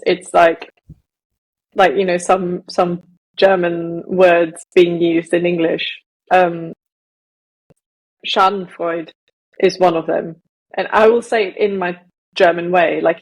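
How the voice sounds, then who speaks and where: Podcast co-host, woman from Malaysia, husky voice, chatty explainer. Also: lowish voice, a little mellow, rough recording. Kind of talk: casual chat.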